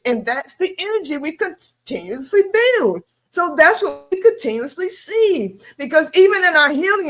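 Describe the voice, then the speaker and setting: A woman's voice: sits high, fairly bright tone. A woman co-hosting a late-night talk stream, talking in an emphatic, preachy, profane motivational way. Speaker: podcast co-host. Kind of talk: casual chat. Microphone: remote stream.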